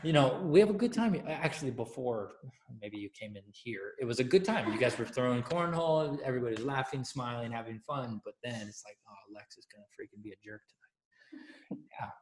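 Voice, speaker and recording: A man's voice: mid-range voice, expressive, brisk, a little mellow. A man giving a casual, playful sermon that keeps asking the audience questions. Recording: echoey room.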